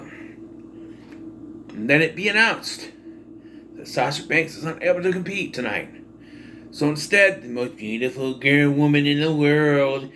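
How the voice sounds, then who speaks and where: A young man with a somewhat high voice recaps a wrestling pay-per-view in a casual, opinionated way, with slight background noise behind him. He rants animatedly, frequently exasperated and swearing.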